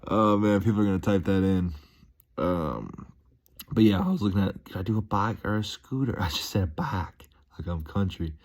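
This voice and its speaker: A man's voice: sits low, a little fast. A man talking casually to his viewers in a rambling, playful, enthusiastic vlog monologue, chuckling as he goes. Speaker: vlogger. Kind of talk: casual upbeat monologue to camera.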